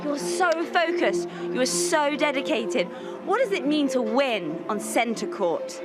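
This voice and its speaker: A woman's voice: high voice, very animated, a little slow, loud music behind the voice. A woman presenter interviewing people outdoors at a tennis venue and hosting a game, bubbly, cheering and encouraging.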